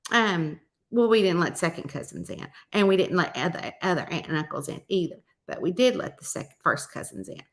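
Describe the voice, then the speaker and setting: A woman's voice: on the low side, big pitch swings, fairly quick. A middle-aged woman, chatting casually and telling a folksy story, acting out the quotes. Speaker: mystery author hosting a weekly chat.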